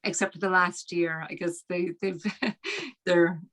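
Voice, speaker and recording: A woman's voice: lowish voice, animated, slow pace, fairly bright tone, rough recording. A woman in her fifties with an American accent and an Irish lilt, chatting as an author guest over a video call. She laughs often and restarts her sentences. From Philadelphia, USA. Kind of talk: casual interview chat. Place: at home on the Irish coast.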